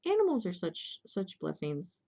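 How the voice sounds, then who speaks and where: A woman's voice: on the low side, wildly swooping pitch, normal speed, vocal fry, dark tone, highs cut off. A young woman casually chatting and rambling with lots of fillers and restarts while hosting a crochet livestream.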